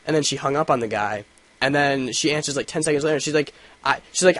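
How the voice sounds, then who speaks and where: A young man telling a story in a casual vlog, swearing a lot and rambling, with sudden loud rants. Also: medium pitch, quick pace. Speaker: gaming vlogger. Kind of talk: casual ranting vlog update.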